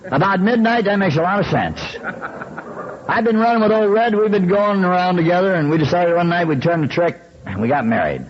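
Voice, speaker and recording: A man in his sixties telling his recovery story with wry, folksy humor, often clearing his throat. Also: high voice, lively intonation, normal speed, highs cut off.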